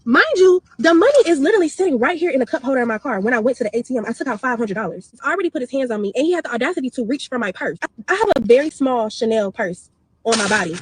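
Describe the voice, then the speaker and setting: A young woman quickly retelling a bad salon visit in a storytime video, indignant and talkative. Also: sits high, lively intonation, slight background noise. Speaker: customer telling her story.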